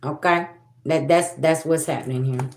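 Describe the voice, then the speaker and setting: Woman, livestream spiritual reader, low voice, blunt, profane, repetitive, echoey room. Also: fairly even intonation, normal speed, background noise. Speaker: tarot reader.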